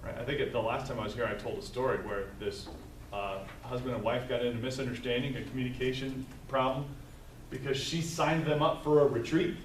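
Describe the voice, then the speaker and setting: In a training room with tables, a man leads a live session for staff, chatting casually, spinning stories, and checking in with "right?" after his points. His medium-pitched voice is brisk and fairly even in intonation. The room echoes, the mic is distant, and there is a faint hiss.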